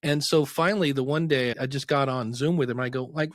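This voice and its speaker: A man guesting on a podcast interview, coaching new podcasters through lively stories and acting out quoted dialogue. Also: fairly high pitch, fast, no echo, studio quality. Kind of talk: casual interview storytelling.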